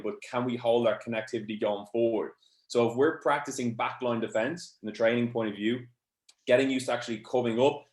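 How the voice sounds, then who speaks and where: Coaching man in an echoey room. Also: mid-range voice. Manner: explanatory, steady coaching talk. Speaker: rugby coach, webinar host. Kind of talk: webinar analysis.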